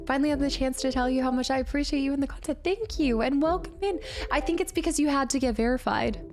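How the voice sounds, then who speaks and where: A woman's voice: high-pitched, quick pace, darkish tone. A woman chatting casually as she streams a game and thanks viewers by name. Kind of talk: casual live gameplay commentary.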